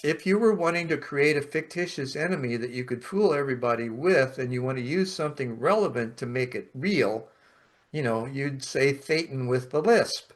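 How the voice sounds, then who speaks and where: Guy hosting a podcast, middle pitch, tells stories with lots of energy and laughs. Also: normal speed. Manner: animated storyteller, acts out quotes, laughs often. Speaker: podcast host. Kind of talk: casual conversation, storytelling.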